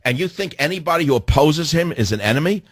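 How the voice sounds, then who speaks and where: A man's voice: on the high side, lively intonation, fast, no room sound, studio quality. A middle-aged man hosting a talk radio show, delivering a combative monologue full of rhetorical questions aimed at his listeners.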